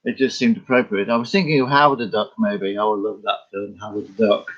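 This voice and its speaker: A man's voice: fairly low pitch, steady tone, fairly quick, lo-fi sound. A man, a painter, talking about his work in a casual, rambling vlog, musing and correcting himself as he goes. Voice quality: musing, wandering, self-correcting. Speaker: vlogger and painter.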